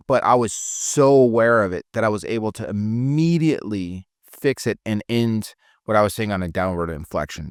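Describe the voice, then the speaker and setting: A man's voice: mid-range voice, smooth, no room sound, clean studio sound. A man giving a casual spoken sales training lesson, often restarting phrases and demonstrating intonation.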